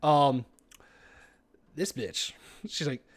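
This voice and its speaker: A man's voice: fairly high pitch, drawn-out words, slightly rough. A man running a tabletop game on a live stream, rambling casually and swearing freely. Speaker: game master.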